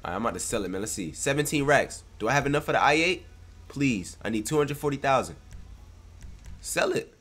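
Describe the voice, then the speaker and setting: A man's voice: mid-range voice, animated, brisk. A young man with a congested voice from a cold, giving slangy, hyped commentary over his gameplay. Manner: slangy, hyped, loud outbursts. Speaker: gaming streamer.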